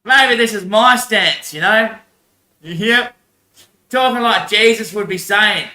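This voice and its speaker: High bright rambling guy. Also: takes it slowly, reverberant, poor audio. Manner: rambling, crude, laughs often. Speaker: vlogger. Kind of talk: rambling religious monologue.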